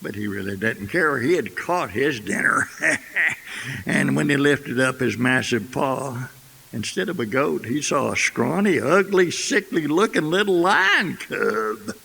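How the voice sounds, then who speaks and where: A man's voice: mid-range voice, very animated, unhurried, vocal fry, sharp tone. A man telling a folktale in tandem with a partner at a storytelling festival, in a folksy, chuckling way. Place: festival stage. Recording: echoey hall, faint hiss.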